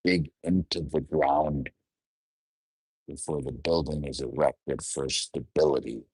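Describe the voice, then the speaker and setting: Solo male host, very deep and unhurried, dry close sound, thinks aloud and rephrases often. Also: steady tone, a little mellow, husky, no echo. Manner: musing, often rephrasing and trailing off mid-thought; asks the listener reflective questions. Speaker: astrologer. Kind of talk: unscripted solo monologue.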